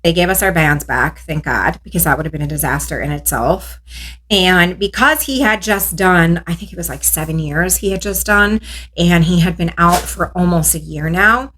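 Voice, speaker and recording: A woman's voice: fairly low pitch, normal speed. A woman in her thirties telling her own story in a casual vlog, acting out what others said. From New York State. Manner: animated retelling that acts out the other voices.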